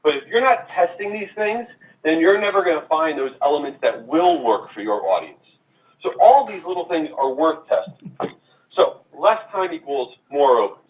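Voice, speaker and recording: A fast-talking man presents to a conference audience, his slightly high voice energetic and direct. He sounds a bit distant from the microphone, and the room's echo hangs around his words. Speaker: conference speaker. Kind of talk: marketing presentation. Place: conference room. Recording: echoey and distant from the mic.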